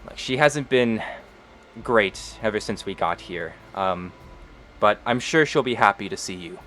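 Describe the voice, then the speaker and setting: A man voicing Ezekiel, a weary, worried man who speaks low. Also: lively intonation, measured pace, fairly bright tone, a little hiss or hum.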